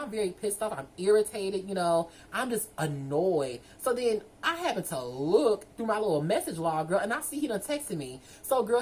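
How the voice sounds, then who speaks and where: A woman, telling a story to her viewers in a sassy, animated way. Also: mid-range voice, a little hiss or hum, rough recording. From Southern United States. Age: 20s. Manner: sassy, animated, addresses listeners as girl and y'all. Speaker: vlogger. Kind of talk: casual storytime monologue.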